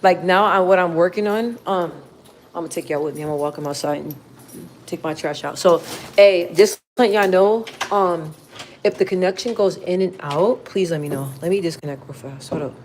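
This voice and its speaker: A young woman chatting casually on a livestream, slangy and relaxed as she talks to her viewers and her dog. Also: on the low side, moderate pace, a little hiss or hum. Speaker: livestream host.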